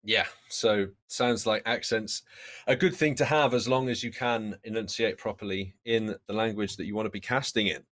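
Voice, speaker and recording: A man hosting an interview, reading out viewer questions in a relaxed, agreeable way. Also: fairly low pitch, normal speed. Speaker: host, interviewer.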